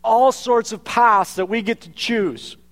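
A pastor delivers a sermon in a fairly high male voice. He talks to his congregation in an earnest, conversational way and often restarts his phrases as he goes. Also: unhurried, fairly bright tone.

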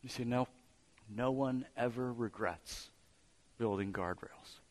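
Male pastor, sermon, emphatic, repeats lines to build up, mid-pitched voice. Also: slow pace. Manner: emphatic, repetitive build-ups.

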